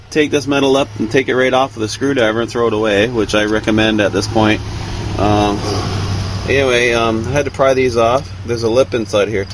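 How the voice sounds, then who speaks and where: A man with a mid-range voice casually demonstrates how to inspect a truck's front end, working outside next to the truck away from the house. This DIY mechanic rambles easily, dropping lots of ums and uhs, in a noisy outdoor recording.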